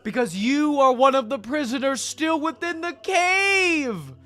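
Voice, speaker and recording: A woman voicing an arrogant young male tyrant, speaking in a lowered, measured, menacing voice. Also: animated, pushed and bright, heavily acted. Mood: lecturing.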